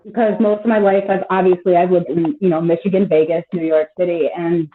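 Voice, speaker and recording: A woman's voice: fairly low pitch, steady tone, a little fast. A woman in her thirties chatting casually on a live stream, rambling and swearing freely with lots of "like". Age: 30s. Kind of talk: casual chat. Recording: tinny phone-like call audio.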